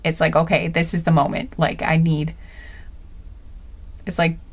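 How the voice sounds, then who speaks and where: A woman's voice: sits low, little pitch movement, a little slow. Meandering woman giving an intuitive reading. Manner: meandering, searching aloud for words. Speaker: intuitive card reader. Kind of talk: spoken intuitive reading, casual monologue.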